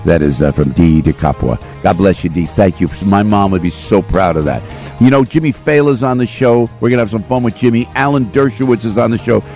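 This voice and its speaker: An older man hosting a talk radio show, chatting and doing a live ad read in a lively, jokey way that swings between loud and soft. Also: on the low side, a little fast, soft background music. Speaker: radio host. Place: radio studio. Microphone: studio microphone.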